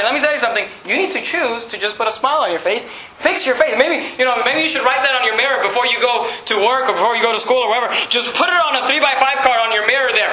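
A man preaching a sermon as pastor, emphatic and animated, acting out the voices of people he quotes. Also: very high-pitched, quick pace, echoey room, rough recording.

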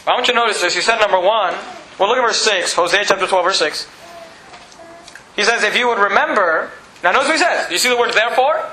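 Male preacher, high bright voice, emphatic, echoey church hall. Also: fast talker, slight background noise. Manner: emphatic, rising to high excited peaks. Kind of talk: sermon.

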